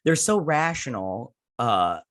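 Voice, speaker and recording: A man's voice: medium pitch, sing-song, slow, fairly bright tone. A man hosting a casual show review, rambling through scene recaps with lots of "he's like" retellings and jokey asides about himself. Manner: self-mocking jokey asides. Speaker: host.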